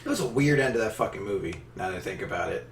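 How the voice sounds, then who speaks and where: A deep-voiced man chats as a podcast co-host, offering laid-back, hedging theories. He sounds set back from the microphone in an echoey room, with a faint hum underneath. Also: animated, racing. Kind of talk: casual chat. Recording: roomy, distant mic with faint hum.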